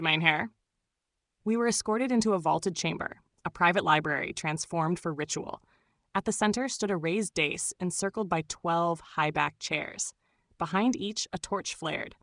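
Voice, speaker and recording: A woman narrating an audiobook in steady, even first-person storytelling. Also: on the low side, normal speed, no room sound.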